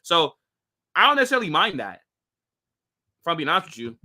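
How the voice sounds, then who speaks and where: A young American man hosts a casual football live stream, reading viewer comments and replying in slangy talk packed with "bro" and "like." His voice is a little high and sing-song, pushed and bright, moving briskly with frequent pauses.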